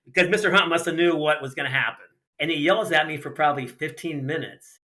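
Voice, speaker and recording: Fast-talking and fairly high-pitched, the retired sprint car racer from Ohio, middle-aged, tells animated stories as a podcast guest, slipping into casual slang and voicing the characters' dialogue himself.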